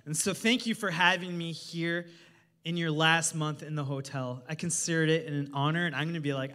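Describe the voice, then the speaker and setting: A man preaching a sermon as a guest pastor, energetic and humorous, joking with the congregation. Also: a little high, normal speed. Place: church service in a hotel venue.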